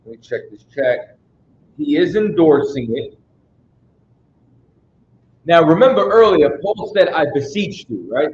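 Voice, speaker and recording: A man with a slightly high, somewhat mellow voice leads a Bible study, animated yet unhurried, with long pauses. His casual, street-style delivery is emphatic, and he keeps checking that listeners are following. The room sounds roomy and dull, with faint noise.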